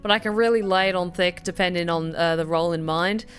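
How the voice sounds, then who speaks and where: An Australian woman streaming a game, giving casual commentary in an excitable, chatty way and swearing freely. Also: on the low side, fast.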